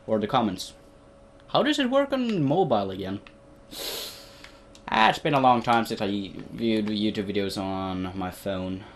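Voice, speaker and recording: A man's voice: lowish voice, big pitch swings, a little slow, pauses often, a little hiss or hum. A young man doing playful, rambling gameplay commentary in a put-on Australian accent, talking to the characters on screen. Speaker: gaming video host.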